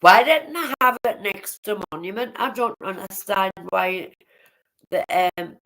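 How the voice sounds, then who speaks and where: A woman's voice: mid-range voice, expressive, a little slow, a bit bright, rough recording. A woman chatting casually on a livestream, blunt and swearing freely as she greets viewers by name. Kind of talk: casual live-stream chat with viewers.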